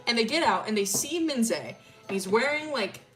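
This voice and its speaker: Giggly young woman streamer telling lore. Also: fairly high pitch. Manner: crude, giggly, chatty. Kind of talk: casual lore storytelling on stream. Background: faint music.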